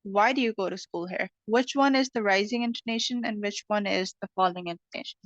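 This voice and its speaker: A woman's voice: medium pitch, fairly quick, a bit bright, dry recording, highs cut off. A woman teaching an online English class, explaining patiently and checking in with "okay".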